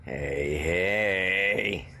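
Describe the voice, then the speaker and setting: A man sending a playful recorded shout-out, reading lines in a hammy, drawn-out way and short of breath. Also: low-pitched, gravelly, slight background noise. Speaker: actor sending a recorded message.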